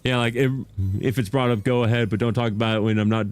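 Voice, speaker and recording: A man's voice: medium pitch, fairly even intonation, fast talker, clean tone, faint music behind. A man streaming as a VTuber in a casual chat, talking with rambling enthusiasm and frequent restarts.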